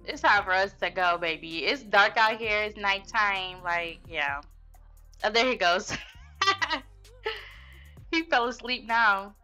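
A young woman chats through her gameplay in a loose, slangy style, talking straight to her viewers. Her voice has a bright, clear edge. Soft music plays faintly underneath. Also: medium pitch, expressive, takes it slowly, long pauses. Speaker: gaming video host. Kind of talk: casual gameplay commentary.

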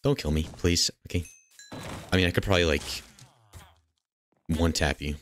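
A man giving casual, jokey commentary while playing a video game, with excitable outbursts and playful chatter aimed at the game's characters. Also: low-pitched, normal speed, a little hiss or hum. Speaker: gaming channel host.

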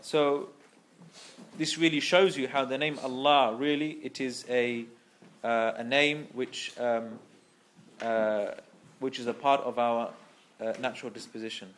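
A man's voice: mid-range voice, steady tone, a little slow, fairly bright tone, a little hiss or hum. A man teaching a scripture class, explaining patiently, repeating key phrases, and carefully pronouncing Arabic terms. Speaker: Islamic teacher.

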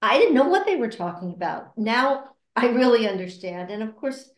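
A woman being interviewed about her work at a cancer support center, speaking earnestly and reflectively, with many hesitations and restarts, and acting out quoted remarks in a higher voice. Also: sing-song, moderate pace. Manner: acts out quoted remarks with raised pitch. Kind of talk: casual interview conversation. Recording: roomy echo.

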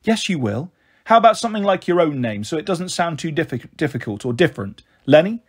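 A man reads as a dreamy young girl, eager and earnest, who turns bossy with her little brother. The voice is lifted slightly and has a husky edge. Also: a little high, big pitch swings, a little fast. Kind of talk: audiobook character voice.

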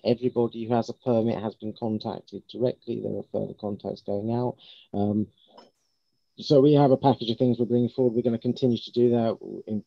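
A man's voice: medium pitch, no echo. A man answering a council committee's questions candidly over a video call, often repeating and correcting himself. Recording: dull lo-fi video call audio.

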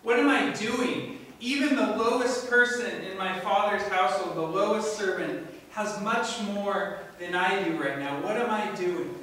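A man's voice: sits high, unhurried, pushed and bright, recorded from a distance, slight background noise. A man preacher voicing a desperate young son who pleads to return home, in an echoey room away from the mic. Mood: pleading. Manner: pleading, self-reproaching.

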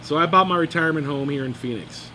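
A man's voice: on the high side, quick pace, sharp tone, a little hiss or hum. A middle-aged man hosting a cigar review, chatting in an enthusiastic, joking way. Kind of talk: casual chat. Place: room in Phoenix, Arizona.

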